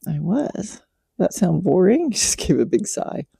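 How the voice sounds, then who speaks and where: A middle-aged woman, a horse trainer, chatting in a relaxed way while she works her horse at night and coaxes him with gentle praise. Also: lowish voice, unhurried, gravelly, slightly rough. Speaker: podcast host, horse trainer. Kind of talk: casual spoken reflection while working a horse.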